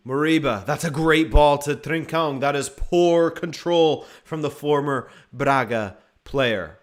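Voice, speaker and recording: A man's voice: on the high side, measured pace. A man hosting a live football watchalong, giving casual, joking commentary and reading viewer comments aloud. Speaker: watchalong host.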